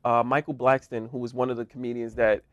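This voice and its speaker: Man, podcast co-host, casual chatter, quick laughs, dry close sound. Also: mid-range voice, level tone, dry recording, dull audio. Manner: talkative, quick laughs, lots of agreeing. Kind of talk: casual chat.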